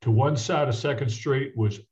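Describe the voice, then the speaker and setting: An older man from the American South recalls his past with earnest, halting delivery, often circling back and restarting mid-sentence. His voice sits at a middle pitch. The recording sounds dull and lo-fi. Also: darkish tone. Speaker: guest, physician. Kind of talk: reflective personal storytelling in conversation. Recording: dull lo-fi audio.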